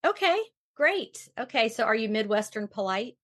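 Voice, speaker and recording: A woman's voice: fairly high pitch, very animated, normal speed, a bit bright. A woman hosting a podcast interview, chatty and playful, who laughs easily. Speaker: podcast host. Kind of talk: casual interview chat.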